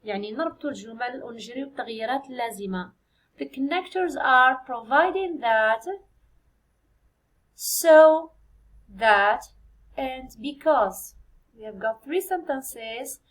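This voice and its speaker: High-voiced Algerian teacher woman. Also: low-quality recording. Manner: spells and counts out answers slowly for students. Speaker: English teacher. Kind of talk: exam review lesson, code-switching with Arabic.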